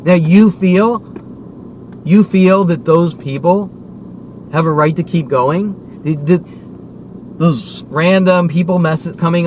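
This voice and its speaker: A high-pitched man in his forties vents in a long, furious monologue, swearing freely. He hammers his points home and keeps demanding "okay?" of an unseen audience. A soft wash of car noise sits underneath. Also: takes it slowly. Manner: heated, profane, repeatedly demanding "okay?". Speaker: vlogger. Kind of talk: angry ranting monologue.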